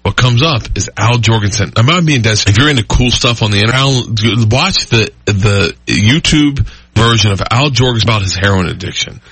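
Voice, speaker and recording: Excitable husky man, rambling. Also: lowish voice, fairly quick, no room sound. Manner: rambling, excitable storytelling with frequent laughter. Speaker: comedian guest. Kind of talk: casual podcast chat.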